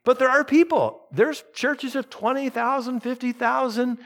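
A middle-aged man preaching a sermon as a pastor, talking in an animated way and acting out voices in his stories. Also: normal speed, few pauses. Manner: animated, swings pitch widely, mimics voices in anecdotes.

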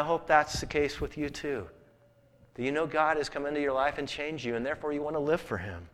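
A man's voice: on the high side, a little fast, a bit bright. A man pastor telling a story in a sermon, in a folksy, conversational way.

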